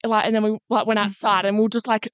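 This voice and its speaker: A woman's voice: mid-range voice, level tone, fast talker, no echo. A young woman, co-hosting a casual podcast, rambling and swearing with plenty of "like" fillers. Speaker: podcast co-host. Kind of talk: casual chat.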